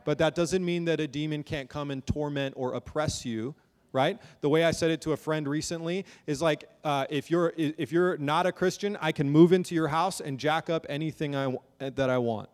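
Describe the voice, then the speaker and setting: A man's voice: a little high, moderate pace. Earnest male pastor in a reverberant hall. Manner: earnest, preaching with rising emphasis and repeated words. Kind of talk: sermon. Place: church sanctuary.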